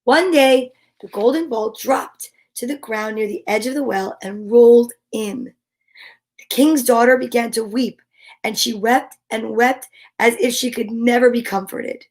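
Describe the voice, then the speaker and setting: A woman's voice: fairly high pitch, measured pace. A woman hosting a storytime, reading a fairy tale aloud with playful chatty asides. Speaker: storyteller host. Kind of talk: children's read-aloud.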